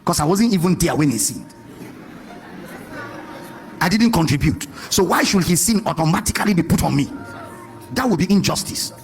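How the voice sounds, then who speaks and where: Animated preacher man, high and lively. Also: moderate pace, long pauses, soft background music, some chatter behind. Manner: animated, questioning the congregation, sing-song emphasis. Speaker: pastor. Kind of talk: sermon.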